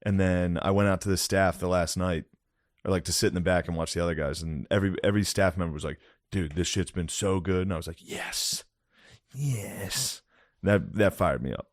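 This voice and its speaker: Low-voiced man telling a story. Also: steady tone, quick pace, no room sound, clean studio sound. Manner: laid-back, acts out quoted lines. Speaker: podcast co-host and comedian. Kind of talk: casual storytelling.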